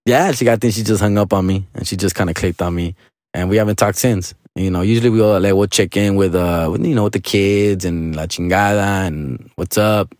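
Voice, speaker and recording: A man rambles through a personal story in a loose, profane way, sprinkling in Spanish slang. His voice sits fairly low. The sound is close and dry, with no room echo. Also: fairly quick, darkish tone. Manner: profane, laid-back, mixes in Spanish slang. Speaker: vlog host. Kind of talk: casual storytelling monologue.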